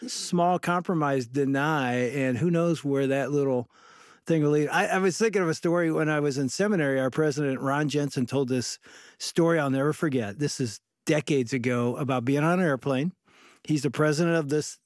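A man's voice: a little high, no echo, clean studio sound. A middle-aged man co-hosting a radio talk show, telling a story and acting out the quoted voices with energy. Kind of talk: storytelling in a conversation.

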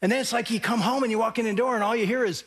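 High-voiced middle-aged pastor preaching in a hall. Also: male voice, very fast. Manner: animated storytelling, addressing the congregation directly. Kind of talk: sermon. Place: large church auditorium with a live audience. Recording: long reverb of a large hall.

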